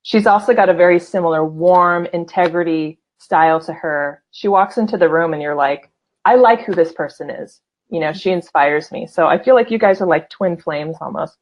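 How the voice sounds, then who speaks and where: A woman's voice: on the low side, moderate pace, few pauses. A woman hosting a casual live-stream talk show, laughing often and reading out viewer comments. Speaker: host.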